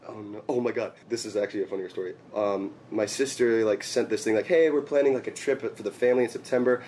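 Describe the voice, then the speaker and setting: A man in his thirties, a musician guest in casual chat, animated and laughing often. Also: on the low side, fast talker, a little hiss or hum. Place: dressing room.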